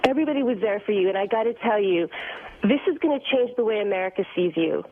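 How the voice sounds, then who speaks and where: A woman's voice: medium pitch, fast talker, slight background noise. Gushing woman caller on phone. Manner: gushing, excited. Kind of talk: phone-in chat. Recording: tinny phone line.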